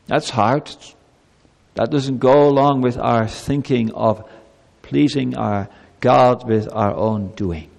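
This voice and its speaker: A male pastor preaching an earnest sermon to children and a congregation. He swings between loud emphatic lines and soft, low asides. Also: slow, vocal fry. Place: church. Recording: long hall reverb.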